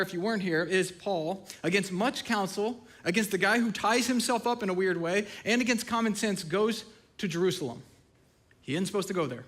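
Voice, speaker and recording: A man's voice: high voice, a bit bright. A man preaching a sermon from a church stage, telling funny stories with self-deprecating asides. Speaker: pastor.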